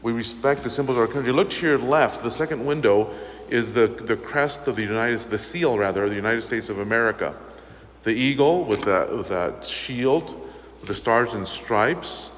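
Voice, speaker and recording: Male priest in his 50s, mid-range voice, animated teaching talk for kids, long church reverb. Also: medium pitch, normal speed. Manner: animated, questions the children, stresses key phrases. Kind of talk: virtue talk to schoolchildren in church. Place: large church. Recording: long church reverb, faint background noise.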